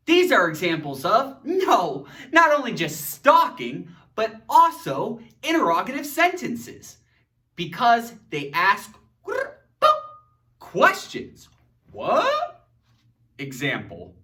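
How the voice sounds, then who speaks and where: A man teaches grammar in a playful, theatrical way, hamming up his example sentences. His voice sits high and leaps all over the place, and he talks slowly. He is heard a little distant from the microphone. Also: wildly swooping pitch, pushed and bright. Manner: theatrical, jokey, acting out silly example sentences. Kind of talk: animated educational video lesson.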